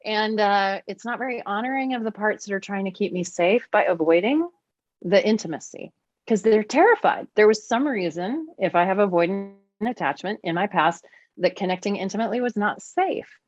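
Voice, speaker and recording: A woman speaking as a podcast guest and teacher, animated and expressive, her voice swinging widely in pitch as she explains her ideas. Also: normal speed, no echo, lo-fi sound. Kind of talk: conversational podcast interview.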